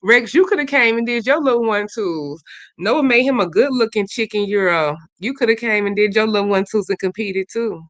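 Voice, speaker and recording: A woman hosting a casual livestream, chatting and gossiping as she reads out viewers' comments, swinging between loud bursts and low mutters. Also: fairly quick, no room sound. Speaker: livestream host.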